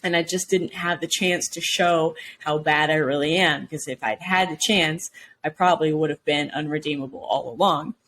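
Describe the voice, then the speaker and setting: A woman co-hosting a casual movie review podcast, animated and laughing, acting out quotes from the film. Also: normal speed. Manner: animated, laughing, acts out quotes in high voices. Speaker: podcast co-host.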